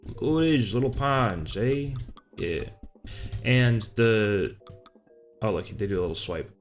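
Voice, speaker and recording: A man's voice: lowish voice, lively intonation, measured pace, faint music behind. A young man casually commenting on his old game projects, rambling, laughing and swearing at his own work. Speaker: indie game developer. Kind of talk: casual commentary over gameplay.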